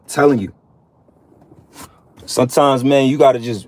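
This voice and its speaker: A man's voice: medium pitch, takes it slowly, a little mellow. Blunt, preachy man in his thirties. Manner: blunt, profane, preachy, keeps saying "man". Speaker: religious vlogger. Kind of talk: profane street-preaching monologue.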